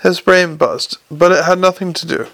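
Man, audiobook narrator, gravelly voice, steady scripted reading, dry close sound. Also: high voice, moderate pace, dry recording. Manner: even storytelling, voices each character.

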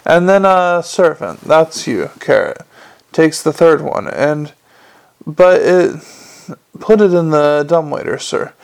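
A man voicing a gruff, weary police commander with a growling, clipped and forceful way of talking. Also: a little high, expressive, slow pace, heavily acted. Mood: brisk.

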